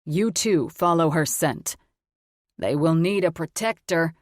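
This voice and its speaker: A male wolf pack leader who issues firm, stern orders, with a woman acting him out. The voice is pitched very low and is slow and deliberate. A dry, close read. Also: a little mellow, no echo.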